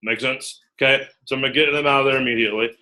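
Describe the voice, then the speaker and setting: A man training a small group of recruiters. He talks in a lively, animated way, acts out quotes and keeps checking in with "okay?" He has a bright, forceful voice at a middle pitch, and he is speaking to people in a meeting room. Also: rapid-fire, rough recording.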